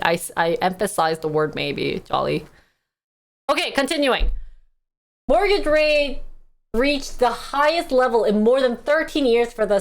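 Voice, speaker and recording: A young woman with a fairly high voice streams live, reading news articles aloud and chatting casually with viewers. She laughs often and keeps calling them guys.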